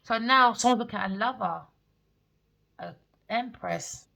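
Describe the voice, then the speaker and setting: A woman giving a spoken tarot reading, blunt and excitable, swearing freely. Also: fairly high pitch, a little slow, gravelly, low-quality recording. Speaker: tarot reader.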